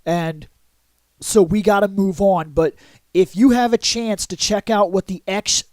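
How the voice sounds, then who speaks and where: A man vlogging a casual comic book review in an excitable way, adding sound effects and acting out lines. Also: high voice, no echo. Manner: excitable, adds sound effects and acts out quotes.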